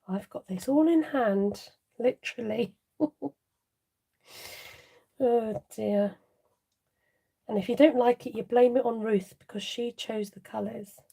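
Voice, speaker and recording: Lady doing a live crafting stream, mellow husky voice, chatty, chuckles a lot and talks to the chat. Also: fairly high pitch, takes it slowly, long pauses. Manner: chatty, laughs often, mutters asides while working; talks straight to viewers and reads out their comments. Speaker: papercraft demonstrator hosting a live stream.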